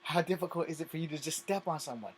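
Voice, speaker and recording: A man's voice: on the high side, fast, slight background noise. A man giving a profane, exasperated and sarcastic rant in a casual video, reacting to clips he has watched. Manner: exasperated, sarcastic, heavy swearing. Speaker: commentator on social media videos. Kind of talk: profane ranting commentary.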